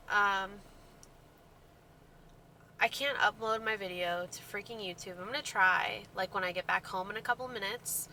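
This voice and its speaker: Annoyed woman ranting in a bright voice. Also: medium pitch, fairly even intonation, moderate pace, pauses often, slight background noise, low-quality recording. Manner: annoyed, exasperated, sarcastic asides. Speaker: vlogger. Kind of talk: casual vlog rant.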